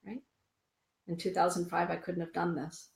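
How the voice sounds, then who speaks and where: A woman's voice: lowish voice, flat delivery, normal speed, vocal fry, reverberant. A woman hosting a spiritual radio show, chatting with listeners and reading oracle cards aloud to them. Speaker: radio show host and card reader.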